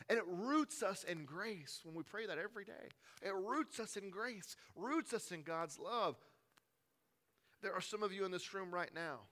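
Pastor in his thirties, bright forceful voice, emphatic yet chatty sermon delivery, loud then hushed. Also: high voice. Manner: conversational, emphatic preaching, swinging between forceful and hushed.

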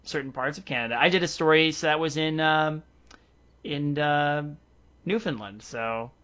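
A young man talks casually on a podcast, and his voice is bright and a little high. He sounds youthful and laughs often between his thoughts. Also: normal speed, clear, resonant tone. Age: young adult. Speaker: podcast host. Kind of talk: casual chat.

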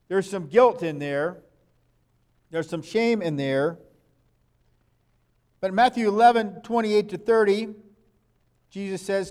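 A man with a notably high voice preaches a sermon. He talks plainly and conversationally, putting questions to his listeners and reading scripture passages aloud. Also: slow, pauses often, darkish tone, clean tone. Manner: reads scripture verses aloud.

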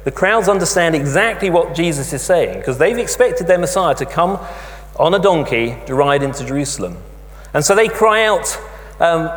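Guy preaching a sermon, slightly high voice, big long hall echo, bit of hum. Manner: animated storytelling with emphatic asides.

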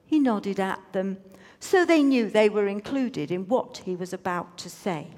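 A woman's voice: medium pitch, lively intonation, a little slow, warm tone. A woman reading a story aloud with playful, teasing asides, in a room with a long reverb.

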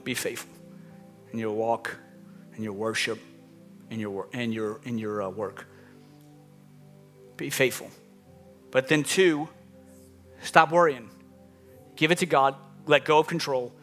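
A man's voice: medium pitch, unhurried, long pauses, a bit bright, soft background music. A man preaching a sermon as pastor, emphatic, his voice rising and dropping with the point he makes. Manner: emphatic, rising and falling dynamically.

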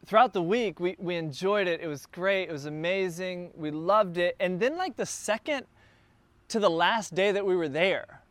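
Man, casual travel story, chatty, smooth clear voice, dry sound. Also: sits high, normal speed, no echo. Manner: chatty, grows more excited as the story builds.

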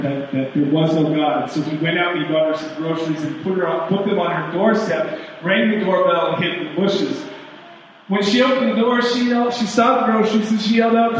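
A young man preaching a sermon, telling a joke story with halting restarts and laughing along with it. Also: on the high side, slight background noise. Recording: echoey hall, mic far off, dull.

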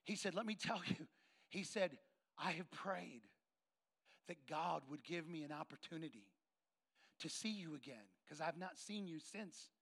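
A man preaches through a personal story. His voice sits high and carries a gravelly edge. He leans into the quoted lines and voices each person in turn. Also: unhurried. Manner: animated storyteller acting out dialogue. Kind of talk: sermon storytelling.

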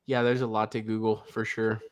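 A man's voice: lowish voice, little pitch movement, brisk, dry recording. Young male podcast host, casual joking banter, dry close sound. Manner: jokey, laughs often, mocking. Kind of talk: casual chat.

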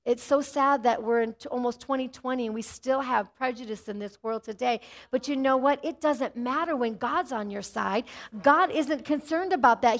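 A middle-aged woman pastor preaching an animated sermon and often calling out "amen". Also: high voice, normal speed.

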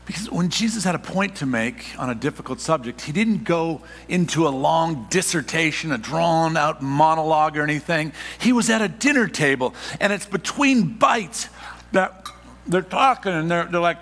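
A middle-aged male pastor delivers a lively sermon with a bright, forceful voice that sits a little high. He preaches in bursts, stumbling over repeated words as he drives his points home. A long hall reverb trails behind him. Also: normal speed, vocal fry. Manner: animated, exclamatory preaching with repeated stammers.

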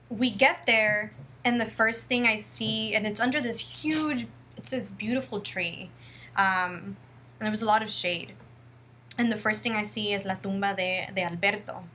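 A woman's voice: mid-range voice, pushed and bright, slight background noise. A woman telling a personal story in a casual, rambling way, full of fillers and acted-out quotes, and close to tears.

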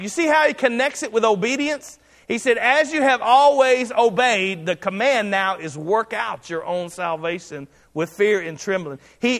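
A man preaching a sermon, emphatic and building to shouts on key lines. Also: extremely high pitch, in a large hall.

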